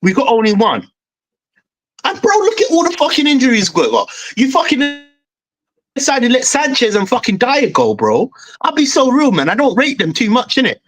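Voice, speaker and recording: A young man rants on a football stream, his voice jumping high and dropping low as he swears. He sounds furious and keeps repeating "bro". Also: big pitch swings, a little fast, fairly bright tone, poor audio. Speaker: fan show host. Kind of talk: heated football fan rant.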